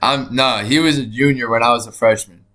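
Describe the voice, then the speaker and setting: A young man streaming, reacting out loud in casual chat, profane and excitable, laughing often. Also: mid-range voice, fairly quick. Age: young adult.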